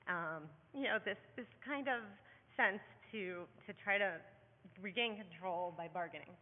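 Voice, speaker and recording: A woman speaks earnestly to a room of parents at a conference, often pausing on ums and restarting her sentences. Her voice rings out with the long reverb of a large hall, and the sound is thin and narrow, like a phone line. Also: fairly low pitch. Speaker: parent speaker at a heart-condition symposium. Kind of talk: conference talk.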